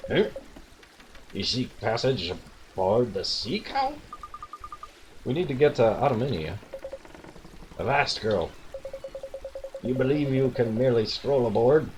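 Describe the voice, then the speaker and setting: A man's voice: medium pitch, big pitch swings, slight background noise, low-quality recording. A man doing a pompous old pirate captain. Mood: scornful. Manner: slow, pompous pirate drawl. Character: boastful grand old male pirate captain.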